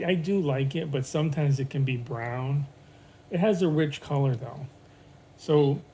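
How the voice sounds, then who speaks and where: A man's voice: on the high side, warm tone, a little hiss or hum, rough recording. A man, a potter, casually showing his glaze test results and thinking aloud with fillers and restarts. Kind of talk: casual show-and-tell of glaze tests.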